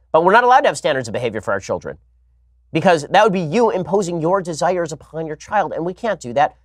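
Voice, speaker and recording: A man hosting a political talk show, delivering a rapid opinionated monologue full of sarcastic, mocking asides. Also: medium pitch, no echo, clean studio sound.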